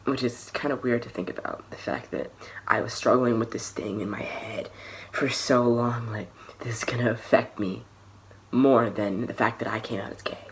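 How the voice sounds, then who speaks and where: A young man talks straight to the camera, telling a personal story in a candid, unscripted way. His voice sits in a middle range, and he often stops, restarts and lets phrases fade out softly. A faint hum of room ambience sits underneath. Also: medium pitch, steady tone, normal speed. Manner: candid, hesitant, many restarts and trailing-off soft phrases. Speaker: vlogger.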